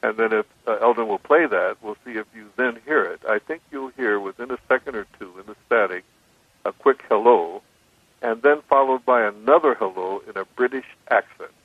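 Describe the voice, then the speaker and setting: A man with a fairly low voice calls in to a radio programme. He recounts his experiments patiently, often restarting his sentences. He comes through a thin, dry telephone line. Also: no echo. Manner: measured, storytelling with many restarts. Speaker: guest describing his recording experiments. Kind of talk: phone-in radio interview. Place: on a phone call to a radio show. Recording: dry tinny phone line.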